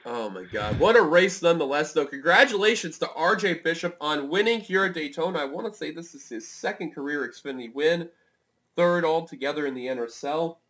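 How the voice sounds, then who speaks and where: A man calling a motor race play by play with a bright, forceful voice sitting a little high. He gets excitable and climbs to near-shouts when the finish is close. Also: fairly quick. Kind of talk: live motorsport commentary.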